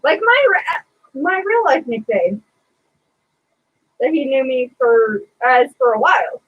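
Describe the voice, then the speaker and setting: A woman co-hosting a casual podcast, telling a sarcastic retail story in a lively, chatty way. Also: high voice, takes it slowly, slightly rough, narrow, tinny audio. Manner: animated, sarcastic retelling of a retail customer. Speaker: podcast co-host.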